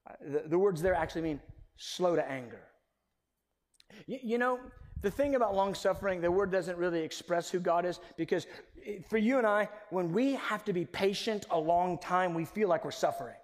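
A man preaching a sermon with a high, bright voice, moving from loud emphasis to hushed near-whispers. His delivery is animated and conversational, with quick asides. A long reverb from a large hall hangs on every phrase. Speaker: pastor.

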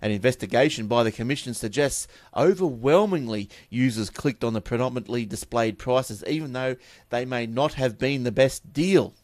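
A man's voice: medium pitch, moderate pace, a little mellow, no room sound. Australian male podcast host, chatty news reader, offhand asides, dry close recording. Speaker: tech podcast host reading news stories. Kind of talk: casual chat and news reading.

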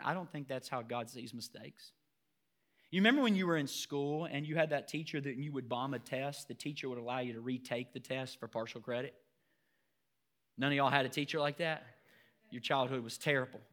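A man's voice: mid-range voice, a little fast, fairly bright tone. A man preaching a sermon as pastor, emphatic and asking the congregation rhetorical questions.

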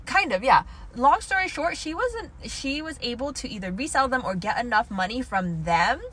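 Chatty young female podcast co-host, bright voice, faint noise behind. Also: on the high side, lively intonation, normal speed. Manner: chatty, laughs often. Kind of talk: casual chat.

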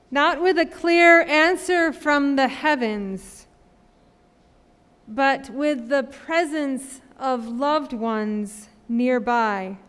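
A woman pastor preaching a sermon in a slow, measured way with long pauses. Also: sits high, fairly bright tone, long reverb tail. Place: church sanctuary.

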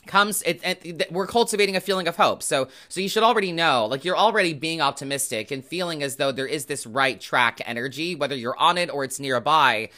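A male host with a somewhat high, very bright voice walks viewers through a tarot reading. He's casual and conversational, rambling loosely and letting the occasional curse slip.

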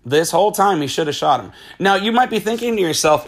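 A man casually retelling a film's plot, excitable and swearing freely, acting out the characters' lines as he goes. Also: sits high, fast. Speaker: movie recap host. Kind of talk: casual spoiler-filled movie recap.

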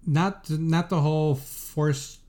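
A young man chatting casually as co-host, speaking in a measured, somewhat hesitant way with false starts. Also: fairly high pitch, fairly even intonation, warm tone. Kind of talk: casual chat.

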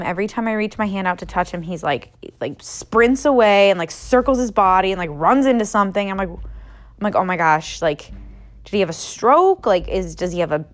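Chatty young woman telling a story. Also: mid-range voice. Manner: chatty, heavy use of "like", swears freely. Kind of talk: casual storytelling.

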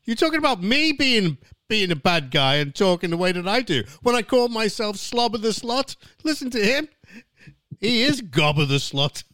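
A man's voice: high voice, big pitch swings, normal speed, pushed and bright, no echo. A middle-aged man hosting a podcast, joking around and telling dad jokes in casual banter. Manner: jokey, tells dad jokes with voiced punchlines. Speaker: podcast host.

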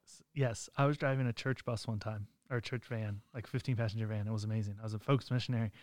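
A man co-hosting a podcast, telling a story in an animated way and laughing often. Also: on the low side, fast talker, dry recording, clean studio sound. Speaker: podcast co-host. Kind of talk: casual storytelling.

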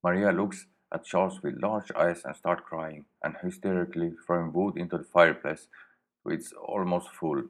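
A man with a Swedish accent, reading a story for his podcast in halting, plain English with many fillers. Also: deep voice, fairly even intonation.

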